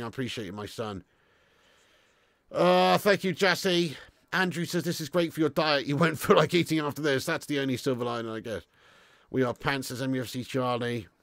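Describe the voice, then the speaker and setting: A man's voice: mid-range voice, no room sound, studio quality. A young man hosting a live football watch-along, reading out viewer comments and sounding frustrated, blunt and given to casual swearing. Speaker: football fan channel host.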